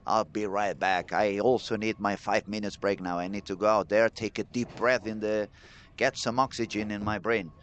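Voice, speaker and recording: A man commentating live on a bowling tournament, excitable and chatty, talking straight to the viewers in the chat. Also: fairly low pitch, normal speed, slight background noise.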